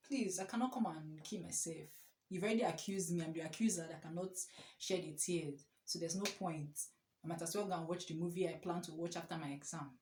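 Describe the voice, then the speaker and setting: A young woman telling an animated, exclamatory storytime story. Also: fairly low pitch. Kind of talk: casual storytime. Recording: echoey room.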